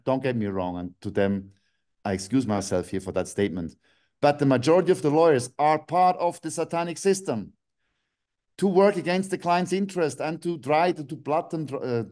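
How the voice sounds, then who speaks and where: A man's voice: fairly high pitch, expressive, moderate pace, darkish tone. A man, a guest on a video call interview, ranting angrily, swearing and breaking into sudden outbursts. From Switzerland.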